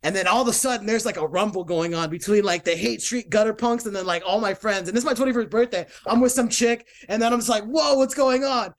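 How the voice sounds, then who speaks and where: A man with a strikingly high voice tells a rowdy story on a podcast. He talks loosely, with many fillers and some swearing. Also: fast, few pauses. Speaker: podcast guest, jiu-jitsu black belt. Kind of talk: casual storytelling chat.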